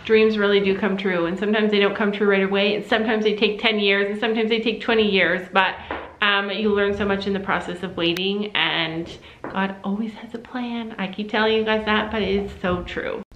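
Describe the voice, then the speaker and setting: A woman's voice: mid-range voice, steady tone, fairly quick, fairly bright tone, muffled recording, a little hiss or hum. A middle-aged woman vlogging at home, chatting casually and cooing playfully at her pets. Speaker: family vlogger. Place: family home, indoors.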